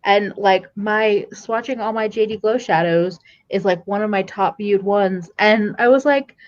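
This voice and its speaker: A woman co-hosting a casual live chat about makeup videos talks in a relaxed, chatty way. Her audio sounds slightly muffled and lo-fi, like a call. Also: medium pitch, unhurried. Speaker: beauty youtuber, co-host.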